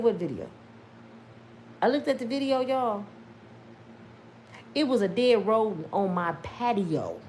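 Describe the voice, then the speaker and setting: Animated woman chatting casually on a livestream. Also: on the high side, slight background noise. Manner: animated, preachy, laughs loudly. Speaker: YouTube host.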